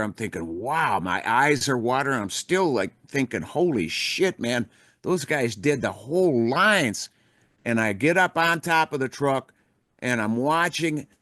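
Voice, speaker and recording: A man's voice: a little high, a bit bright, no echo, studio quality. An older man, a rock musician, telling a rambling anecdote in casual podcast talk, with strong language, acting out the voices of people he quotes. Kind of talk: casual storytelling.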